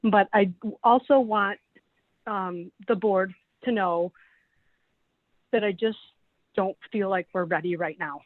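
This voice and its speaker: A woman's voice: medium pitch, slow, pauses often, no echo. A middle-aged woman, a special education teacher, giving an earnest, emotional public comment at a meeting, close to tears. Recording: tinny call-in line, dry.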